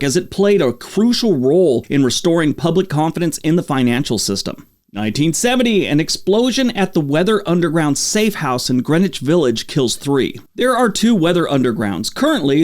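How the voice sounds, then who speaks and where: A man's voice: a little high, a little mellow. A man hosting a daily history podcast, reading dates and adding casual, conversational asides. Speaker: podcast host.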